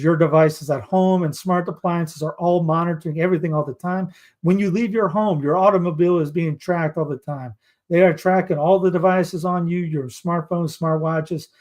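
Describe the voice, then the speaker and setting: A man's voice: fairly high pitch, a little mellow. A man hosting a commentary show, reading news headlines aloud in a rambling, casual way with asides.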